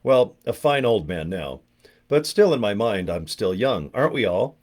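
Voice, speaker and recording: An online marketer in his fifties, from California, spins rambling, joking tales in a casual solo monologue. He talks at a normal speed in a lowish voice, animated, chatty and full of jokes.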